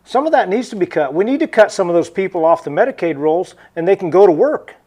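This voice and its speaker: A man's voice: high voice, expressive, fast talker, warm tone. A man with a Midwestern American accent, a farmer guesting on a talk show, speaking earnestly and emphatically. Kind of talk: casual political chat.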